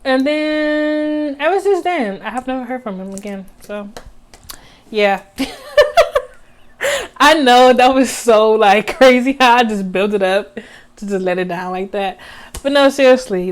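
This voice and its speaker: A woman in her twenties telling a storytime vlog in an animated, emphatic, slangy way. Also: a little high, clean tone. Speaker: vlogger.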